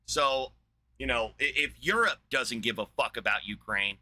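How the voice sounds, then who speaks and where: A man's voice: mid-range voice, normal speed, sharp tone, poor audio. A man in his forties from New Mexico, ranting angrily on his podcast with constant swearing and rambling asides. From New Mexico, USA. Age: 40s. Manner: angry, rambling, heavy swearing. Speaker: podcast host. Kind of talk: profane solo rant.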